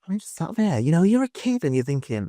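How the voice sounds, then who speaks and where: A man's voice: on the high side, very animated, fast talker, warm tone, dry recording. A man as a podcast guest, telling a personal story earnestly, with hesitations and fillers. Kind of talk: casual interview chat.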